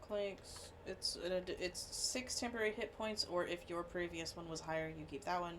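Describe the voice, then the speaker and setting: A woman playing a tabletop game, speaking quietly and matter-of-factly. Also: lowish voice, flat delivery, moderate pace. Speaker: player. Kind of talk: casual tabletop game talk. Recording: noisy background.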